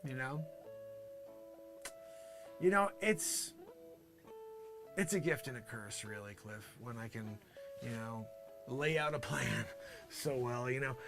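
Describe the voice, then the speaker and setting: A man's voice: medium pitch, lively intonation, slow pace, pauses often, over music, voice pushed down. A man acting a smug, scheming character in a comedy sketch, muttering persuasive asides.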